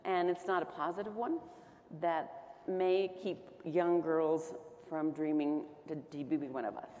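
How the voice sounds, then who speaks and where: Low-voiced woman governor on a panel. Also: steady tone, a little slow, darkish tone. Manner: chatty, storytelling with frequent fillers. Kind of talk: panel discussion. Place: conference stage. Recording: hall reverb.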